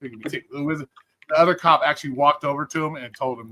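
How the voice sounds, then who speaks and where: A man's voice: on the high side, rapid-fire, sharp tone, a little hiss or hum. A man telling stories on a live stream in a casual, blunt and profane way. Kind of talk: casual storytelling.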